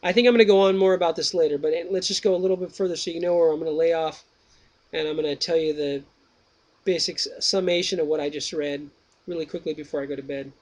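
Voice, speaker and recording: A man's voice: fairly high pitch, fairly even intonation, quick pace. A man reading a classical text aloud at home late at night, breaking off into rambling, offhand commentary. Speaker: reader and commentator.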